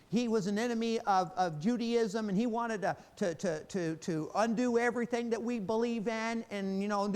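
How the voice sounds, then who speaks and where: Animated high-voiced man preaching a sermon. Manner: animated, repeats and restarts, laughs between points, swings from loud to quiet.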